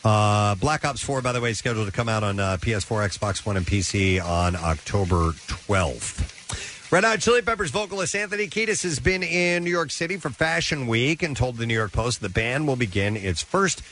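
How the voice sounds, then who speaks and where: A man hosting a radio show, reading entertainment news briskly with filler "uh"s and casual asides, in a radio studio. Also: medium pitch, expressive, fairly bright tone, slight background noise. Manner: brisk newsreader delivery with filler "uh"s.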